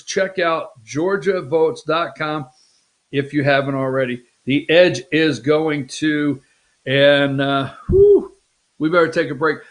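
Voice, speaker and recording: A man's voice: high voice, a bit bright. A man hosting a political talk show, rambling and mocking in an off-the-cuff way. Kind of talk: casual political commentary.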